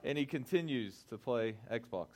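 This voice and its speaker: A man preaching a relaxed, conversational youth-group sermon, often checking in with the listeners and restarting his phrases. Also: medium pitch, unhurried. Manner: loose phrasing with restarts and fillers. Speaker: youth pastor.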